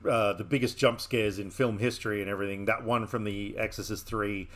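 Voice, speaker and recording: A man's voice: lowish voice, steady tone, fairly quick, a bit bright. Male co-host, chatty and enthusiastic, loose casual delivery. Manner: enthusiastic, rambling with fillers and restarts. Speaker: podcast co-host. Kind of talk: casual film chat.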